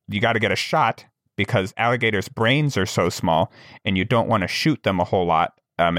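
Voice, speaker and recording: Podcast co-host, man, low register, chatty storyteller with lots of fillers. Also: fairly bright tone, no echo, clean studio sound. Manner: rambling storyteller, many fillers. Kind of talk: casual chat.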